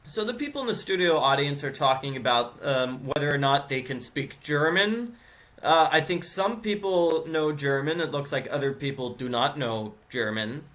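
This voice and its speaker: A man's voice: fairly high pitch, lively intonation, moderate pace, a bit bright. A man chatting playfully and rambling as he plays and comments on a mystery game. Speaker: gaming video host. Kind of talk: casual let's-play commentary.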